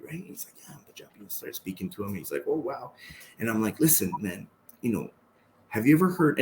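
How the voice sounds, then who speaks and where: A man's voice: on the low side, slight background noise. A man guest on a podcast, telling stories casually and acting out the other people's lines, with a habit of tagging "right?" onto his sentences. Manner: animated, acts out quoted dialogue, frequent "right?". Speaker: podcast guest, martial arts instructor. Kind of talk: casual storytelling.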